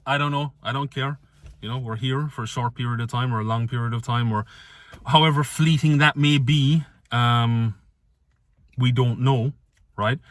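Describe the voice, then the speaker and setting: A man giving an energetic motivational rant to camera as an online business vlogger, repeating his points for emphasis and swearing casually. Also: medium pitch, dry recording.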